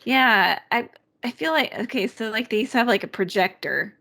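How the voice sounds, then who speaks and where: A woman's voice: a little high, creaky, bright, forceful tone. A woman co-hosting a podcast in casual chat, chatty and often correcting herself. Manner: chatty, quick to laugh, self-correcting. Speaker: podcast co-host.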